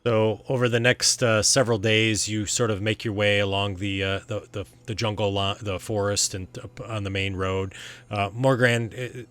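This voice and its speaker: A man's voice: fairly low pitch, level tone, normal speed, fairly bright tone. A man narrating a tabletop game as game master, rambling with many ums and restarts.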